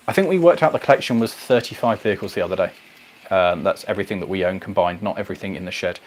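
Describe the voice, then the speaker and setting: Bloke hosting a stream, fairly low voice, rambly and animated, goes off on tangents. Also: male voice, fast. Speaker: livestream host. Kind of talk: casual chat reading viewer comments.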